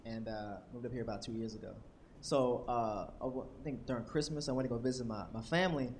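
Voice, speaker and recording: A young man from Washington, D.C. performing stand-up comedy on stage, animated and acting out characters in shouted voices. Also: medium pitch, quick pace, slight background noise. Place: comedy club stage with audience.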